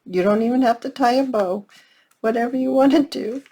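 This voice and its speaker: A woman's voice: fairly high pitch, brisk, warm tone, slight background noise. An older woman hosting a casual, chatty crafting tutorial, talking straight to her viewers in a folksy way. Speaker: craft channel host.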